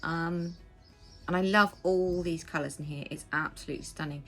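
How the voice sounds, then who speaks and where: An English woman chatting casually as the host of a knitting podcast, rambling with quick asides. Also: fairly low pitch, steady tone, fairly bright tone, faint music behind. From England. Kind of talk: casual chat. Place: home.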